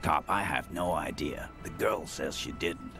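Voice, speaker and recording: An actor playing a gruff, commanding male union boss in a game, blunt and world-weary, with a deep gravelly voice. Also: measured pace, exaggerated voice. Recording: game audio with music behind. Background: music.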